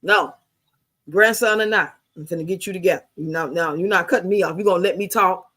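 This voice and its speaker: An American woman in her fifties with a bright, sharp tone, talking in a blunt, profane, emphatic way. She tells her stories in relaxed, casual chat. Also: on the low side, fairly quick. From United States.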